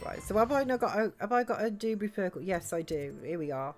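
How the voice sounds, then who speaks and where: A woman's voice: mid-range voice, lively intonation, fast talker, faint music behind. A woman chatting and giggling while livestreaming a video game. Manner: chatty, giggly, reads chat aloud. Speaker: game streamer. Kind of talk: live let's-play chat.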